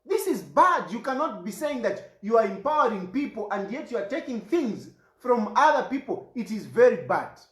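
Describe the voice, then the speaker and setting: A man's voice: extremely high pitch, very animated, normal speed, hardly any pauses, a bit bright, reverberant. A Zambian man delivering an impassioned political rant, indignant and fond of repeated rhetorical questions. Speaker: political commentator.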